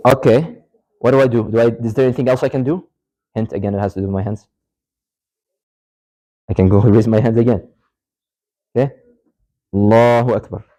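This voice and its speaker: A man's voice: mid-range voice, fairly even intonation, fairly quick, pauses often, warm tone, poor audio. A male religious teacher giving an informal class lecture in a mosque, quizzing students and dropping in short Arabic phrases and recitations. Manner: informal, asks the class questions, repeats points. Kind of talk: classroom lecture with live demonstration. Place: mosque hall.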